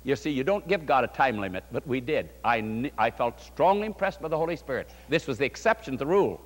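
Older male pastor, fervent sermon, lively swooping pitch, long reverb. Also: quick pace, hardly any pauses. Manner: fervent preaching, voice swelling and dropping low. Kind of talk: sermon storytelling.

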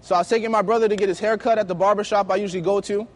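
Male preacher, very high voice, lively anecdotal sermon style. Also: very fast. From United States. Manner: lively storytelling, acting out dialogue. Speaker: youth preacher. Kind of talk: sermon with personal stories.

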